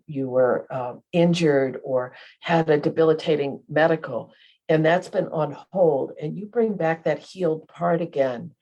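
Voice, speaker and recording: Her voice is low and warm. She's a medium who co-hosts a spiritual podcast, and in this relaxed spiritual chat she rambles, often halting mid-thought while she hunts for what to say.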